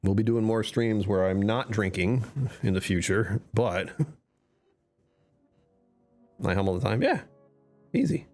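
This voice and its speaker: Low-voiced man chatting on a live stream. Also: takes it slowly, long pauses, darkish tone, faint music behind. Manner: chatty, reads and answers chat, laughs often. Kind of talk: casual live-stream chat.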